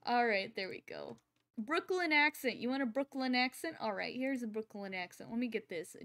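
Chatty streamer woman with a higher voice. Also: moderate pace, a bit bright. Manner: chatty, laughs often, many fillers and restarts. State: voice a little off today. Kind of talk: casual live-stream chat while gaming.

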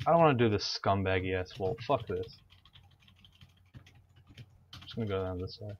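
A man's voice: sits low, animated, moderate pace. A young man gaming and chatting casually, with profane, sarcastic banter. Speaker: gamer. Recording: dull lo-fi mic with faint hiss.

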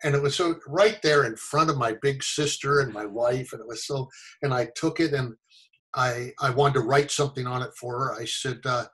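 An older American actor telling stories in a casual interview, animated and fond of acting out the voices of people he quotes. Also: medium pitch, normal speed, low-quality recording. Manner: animated storyteller, acts out quoted voices, chuckles often. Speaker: actor guest.

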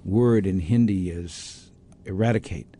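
In a storytelling interview, an older man who is a doctor and author speaks in a deep voice at a measured pace. He's an animated narrator who acts out the voices of the people he quotes and often restarts his sentences.

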